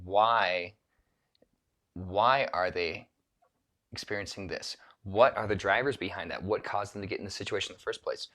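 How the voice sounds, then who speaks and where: A man's voice: lowish voice, a bit bright. A man coaching keynote speakers in a solo talk to camera, rambling and correcting himself often. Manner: rambling, self-correcting, with many restarts and filler words.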